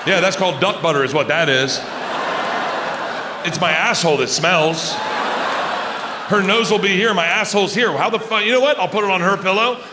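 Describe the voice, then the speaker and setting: Man, 50s, stand-up comedian, slightly high voice, loud shouted bursts, live show, audible crowd noise. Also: normal speed, long pauses. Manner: loud, swinging between low asides and shouted high bursts. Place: large arena on stage. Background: audience laughter.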